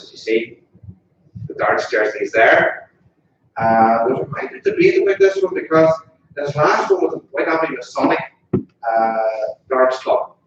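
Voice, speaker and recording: A Northern Irish man of medium pitch gives an informal, chatty, jokey funeral eulogy in a funeral parlour chapel, often putting questions to the mourners. As officiant, he's recorded from a distance in a dull, echoey room with noisy background.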